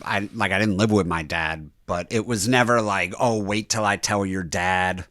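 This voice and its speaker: A man's voice: low-pitched, normal speed, fairly bright tone, no room sound. A man co-hosting a podcast, wry and sarcastic in casual chat, on a close studio mic. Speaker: podcast co-host.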